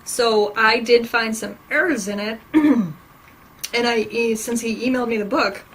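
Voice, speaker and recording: A woman's voice: fairly high pitch, measured pace, a bit bright, rough recording. A woman hosting a casual podcast, chatting enthusiastically and acting out conversations, her allergies bothering her. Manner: chatty, enthusiastic, acts out quoted exchanges. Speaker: podcast host. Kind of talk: casual chat about books and TV.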